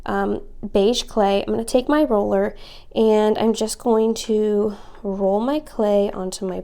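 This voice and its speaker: A woman's voice: medium pitch, darkish tone. A woman hosting a casual craft tutorial, chatting step by step through her hand work with frequent ums.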